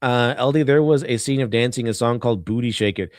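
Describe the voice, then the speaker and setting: A man's voice: mid-range voice, quick pace, darkish tone, no room sound, clean studio sound. A man streaming, giving rambling casual commentary on a video he is watching, often restarting his sentences.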